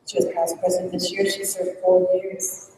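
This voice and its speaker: A woman's voice: lowish voice, level tone, normal speed, warm tone, distant mic, a little hiss or hum. Woman thanking her team in an echoey hall. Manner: upbeat, reads off names and thank-yous. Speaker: outgoing leader of a librarians' network. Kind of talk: thanks and announcements at a conference breakfast. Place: large conference hall.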